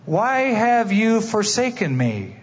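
A man's voice: sing-song, slow, husky, heavily acted. A man voicing a frightened small boy who desperately begs his parents not to leave him. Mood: pleading. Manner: high, desperate pleading. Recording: dull, reverberant hall.

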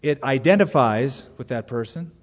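A middle-aged man preaching a sermon as pastor, talking conversationally with sudden loud asides. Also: mid-range voice, lively intonation, moderate pace. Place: church sanctuary. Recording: long hall reverb from a church.

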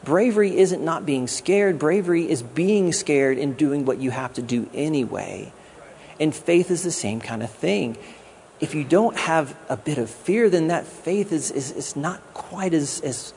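A man's voice: fairly high pitch, big pitch swings, measured pace, creaky, a little mellow, a little hiss or hum. A man giving a sermon as a guest pastor, in a conversational way with jokes. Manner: conversational preaching with jokes and acted quotes.

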